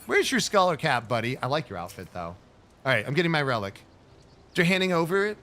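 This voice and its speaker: Excitable male game streamer, high lively voice. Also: brisk. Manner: excitable, jokey running commentary. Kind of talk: casual gaming stream chat.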